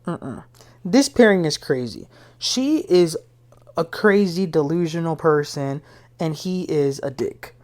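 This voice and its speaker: Woman with a deep low voice doing a reality tv recap, blunt and gossipy. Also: lively intonation, unhurried, darkish tone. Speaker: TV recap host.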